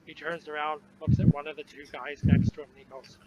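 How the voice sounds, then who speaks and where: Guy game-mastering a tabletop rpg, high voice, casual and descriptive, muffled lo-fi audio. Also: flat delivery, fast. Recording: dull lo-fi recording, faint noise.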